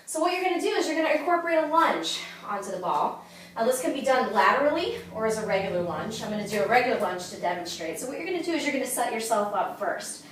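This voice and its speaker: A woman's voice: fairly high pitch, very animated, quick pace, a little hiss or hum. A woman fitness instructor at home demonstrating exercises, upbeat and coaching, out of breath. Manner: upbeat, coaching, says "okay?" and "you guys" often. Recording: echoey room from far off.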